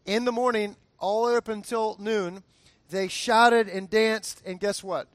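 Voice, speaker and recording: A man's voice: sits high, fairly even intonation, slow, dry recording. A man preaching a sermon, chatty and joking, who often stumbles and repeats words and asks the crowd to answer aloud. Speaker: pastor.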